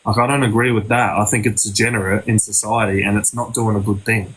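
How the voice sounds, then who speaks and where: A man chatting casually on a live stream, earnest and unhurried, leaning on fillers as he goes. His voice sits somewhat low. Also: flat delivery, a bit bright, breathy edge, low-quality recording. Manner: earnest, laid-back, uses many fillers. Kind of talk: casual chat.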